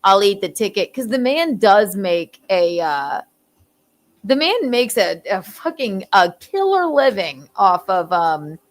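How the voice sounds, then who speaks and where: A woman hosts a loose comedy commentary, talking in a rambling way and breaking into giggles. Her pitch sits in an ordinary middle range, and she swears freely. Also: very animated, takes it slowly. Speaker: host.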